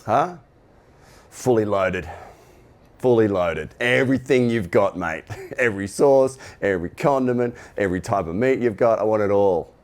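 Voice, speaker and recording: A man's voice: lowish voice, animated, moderate pace. A middle-aged Australian man, a guest telling stories with frequent laughs and eager restarts. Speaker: interview guest. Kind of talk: casual storytelling.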